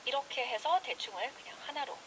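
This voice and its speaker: A woman hosting a radio English show. She switches quickly between Korean and slow, carefully spelled English. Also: high voice. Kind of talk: bilingual radio chat. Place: radio studio. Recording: dull radio broadcast with faint hiss.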